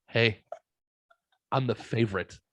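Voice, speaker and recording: A man from the United States, a podcast guest, telling casual stories in a blunt, heavily swearing, animated way. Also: medium pitch, slow, no room sound. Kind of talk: casual storytelling chat.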